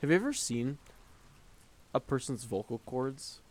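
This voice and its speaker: A man's voice: medium pitch, expressive, a little slow. A young man chatting casually as a co-host, playful, often laughing and trailing off mid-thought. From St. Louis. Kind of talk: casual chat.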